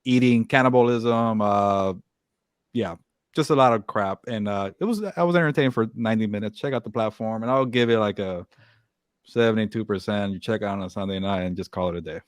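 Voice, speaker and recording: A man's voice: lowish voice, fairly quick, clean tone, no room sound. A male podcast co-host bantering casually and joking with his co-hosts. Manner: joking, laughing often.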